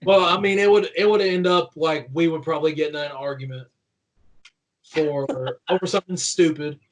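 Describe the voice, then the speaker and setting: A young man with a Kentucky country twang chats as an interview guest, his voice sitting a little high for a man. He rambles through his stories with plenty of "like" and laughs as he goes. His talk stays loose and conversational. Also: fairly even intonation, normal speed, low-quality recording. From Kentucky, USA. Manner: rambling and chatty, full of "like", laughing while telling stories. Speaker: guest, professional wrestler. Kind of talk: casual interview chat.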